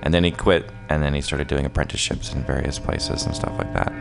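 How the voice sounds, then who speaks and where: Deep-voiced man, rambling and jokey. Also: fairly even intonation, fast talker, vocal fry, over music. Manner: rambling, many fillers and restarts; jokey, laughs at own stories. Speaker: guest. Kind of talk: casual chat.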